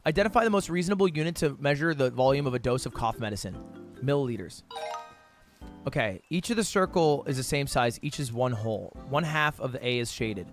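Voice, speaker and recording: A young man streaming himself solving math drills, reading questions aloud fast, muttering counts and shouting in frustration. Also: medium pitch, expressive, soft background music. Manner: frustrated outbursts, reads questions aloud fast, counts under his breath. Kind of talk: live-stream commentary while solving math problems.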